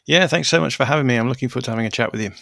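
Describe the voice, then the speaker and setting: A man's voice: medium pitch, racing, creaky, a bit bright, no echo, clean studio sound. A man being interviewed on a podcast, talking in a thoughtful way and qualifying his points as he goes. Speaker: podcast guest. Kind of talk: interview conversation.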